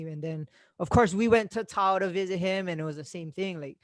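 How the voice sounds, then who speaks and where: Animated man telling stories. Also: high voice, a little fast, no room sound. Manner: animated, swears freely, laughs while telling stories. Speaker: podcast host. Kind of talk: casual chat, storytelling.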